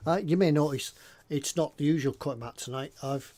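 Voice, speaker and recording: Chatty, slightly high-voiced man. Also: a little fast, dark tone. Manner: rambling and jokey, drifts off topic. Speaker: scale model builder. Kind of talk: casual chat while working on a model. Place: hobby workbench indoors.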